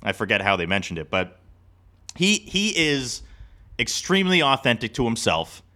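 A man's voice: medium pitch, very animated, normal speed, bright, forceful tone. A man co-hosting a sports podcast, talking in rambling casual chat with many restarts and laughs. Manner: rambling, self-interrupting, laughs often. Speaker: podcast co-host.

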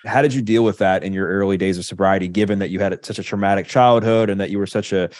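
Young male podcast host, low-pitched, earnest and rambling, dry close mic. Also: fairly even intonation, fast talker, a little mellow, no echo. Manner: earnest, rambling questions full of "like". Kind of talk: interview questions.

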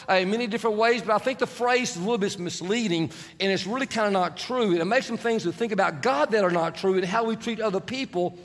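A male pastor preaching a sermon in a relaxed, conversational way, leading the congregation in prayer. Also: high-pitched, big-room sound. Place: large church sanctuary.

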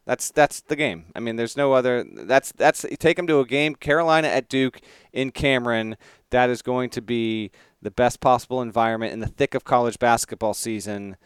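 A man's voice: medium pitch, moderate pace, clear, resonant tone, no echo, studio quality. A man co-hosting a casual sports podcast, playful and teasing, laughing easily as he talks. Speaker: podcast co-host.

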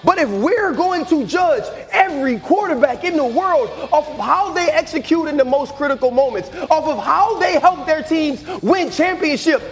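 A man analyst on a sports talk show, arguing fiery, rhetorical points and building to shouts. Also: very high voice, animated, normal speed, hardly any pauses. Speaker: former player analyst.

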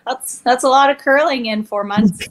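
A woman's voice: sits high, moderate pace. A woman in her thirties, a curler, talking openly in a casual interview and laughing often. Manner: candid, emotional, laughs often.

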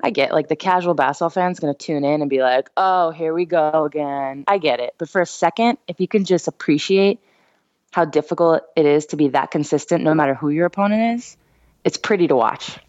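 A woman with a low voice talks through her points on a podcast, pressing them with frequent "I mean" and "you know". Her voice sits close and dry, and the recording sounds dull and lo-fi. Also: a little fast, a little mellow, no room sound. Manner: emphatic, many "I mean" and "you know" fillers. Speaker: guest, basketball player and commentator. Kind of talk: casual podcast chat.

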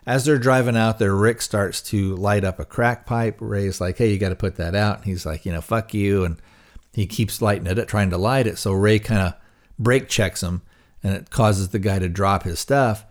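Low-voiced man rambling through a recap. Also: moderate pace. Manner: rambling, many fillers and restarts. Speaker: podcast host reviewing a TV episode. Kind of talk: casual recap and commentary.

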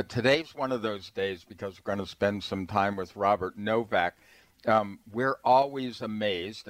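An easygoing man co-hosts a talk radio show in a fairly low voice. He introduces guests with hesitant pauses and fillers, and his voice sounds dry and close. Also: dry recording. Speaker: radio co-host.

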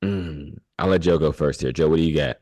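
Deep-voiced joking podcast host, man. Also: a little fast, darkish tone, no echo. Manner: joking, laughs often, steers the talk. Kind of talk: casual chat.

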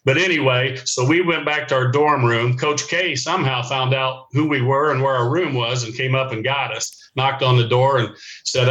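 Man, sixties, tense bright tone, folksy rambling storyteller. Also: mid-range voice, steady tone, moderate pace, highs cut off. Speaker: guest, former player. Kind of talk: casual storytelling.

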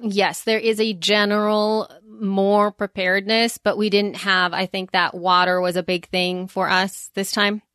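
Woman, mid pitch, rambling casual chat, restarts a lot, dry close sound. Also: little pitch movement, measured pace, few pauses, a bit bright, clear, resonant tone, no echo. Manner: rambling, many fillers and restarts, laughs easily. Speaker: podcast co-host.

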